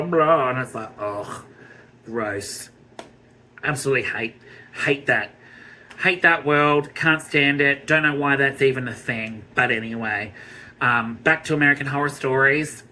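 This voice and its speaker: Blunt, sharp-toned Australian man ranting. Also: mid-range voice, rough recording. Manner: blunt, scornful, swears freely, many ums. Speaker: TV reviewer. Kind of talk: ranting review vlog.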